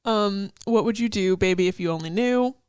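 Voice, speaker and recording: A woman's voice: medium pitch, normal speed, darkish tone, smooth, dry recording. A young woman co-hosting a casual podcast, talking through song lyrics in a loose, chatty way with lots of "like" fillers, laughs and the odd swear. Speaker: podcast co-host.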